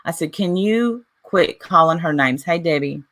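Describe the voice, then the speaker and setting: A woman with a notably low yet bright, forceful voice talks straight to her viewers in a casual vlog. She retells an argument line by line, switching between "I said" and "she said" and reading messages out loud. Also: lively intonation, normal speed. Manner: retelling a dispute with repeated "I said, she said"; reads out messages aloud. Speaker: YouTuber.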